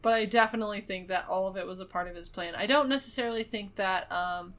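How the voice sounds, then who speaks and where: Bright-voiced woman recapping a film casually. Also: mid-range voice, fast. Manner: rambling retelling with frequent fillers and laughs. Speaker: podcast co-host. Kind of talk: casual movie recap chat.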